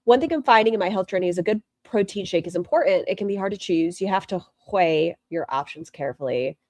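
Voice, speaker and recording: A woman's voice: on the low side, animated, quick pace, darkish tone, no echo. A woman hosting a reaction stream, commenting in a sarcastic, mocking way.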